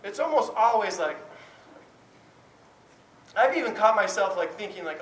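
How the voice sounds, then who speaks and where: A man's voice: sits high, lively intonation, slow, long pauses. A man who teaches Bible, giving an informal talk to a class in a candid, chatty way with frequent chuckles and restarts. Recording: roomy, distant mic, faint background noise.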